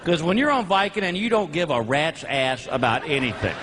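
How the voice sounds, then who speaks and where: A male stand-up comedian telling a story with animated delivery, bursting into shouted punchlines. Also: a little high, a little fast. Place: comedy stage before a live audience. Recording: live stage audio with crowd noise.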